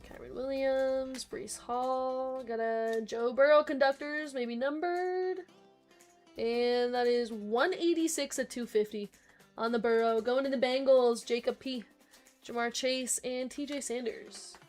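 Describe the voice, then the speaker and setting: A young woman hosting a live card break stream, quickly reading off player names and chatting with viewers. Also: high-pitched, steady tone, a little mellow. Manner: rapid listing of names, chatty asides to viewers. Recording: faint background music.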